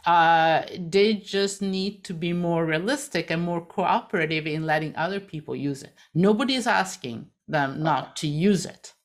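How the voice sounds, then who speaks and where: A woman moderating a live webinar discussion, talking in a halting way with many fillers. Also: lowish voice. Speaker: panel moderator.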